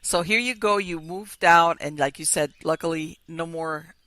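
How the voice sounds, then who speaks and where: A woman's voice: on the low side, normal speed, fairly bright tone, dry recording. A woman hosting a podcast, asking her guest rambling, searching questions. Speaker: podcast host. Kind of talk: interview questions.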